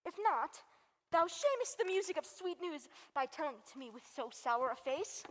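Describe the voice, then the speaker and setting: A woman's voice: high voice, big pitch swings, moderate pace. A woman playing an impatient young girl in love in a Shakespeare reading, pleading with urgency. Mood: eager, impatient. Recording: long reverb on live stream.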